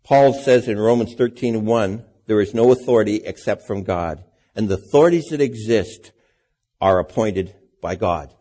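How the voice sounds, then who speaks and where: A man's voice: on the low side, moderate pace, mellow. A man preaching a sermon in a conversational way, asking his listeners rhetorical questions.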